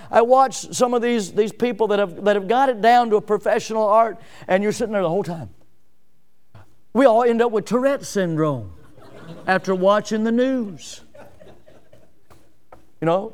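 A man pastor preaching a sermon in an animated, emphatic way, full of rhetorical questions. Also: high-pitched, moderate pace, long pauses, clear, resonant tone.

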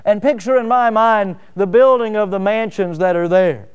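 A man preaching a sermon, telling homely stories with fillers and swinging from loud rises to soft drops. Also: high voice, moderate pace, clear, resonant tone. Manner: folksy storytelling with fillers. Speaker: pastor.

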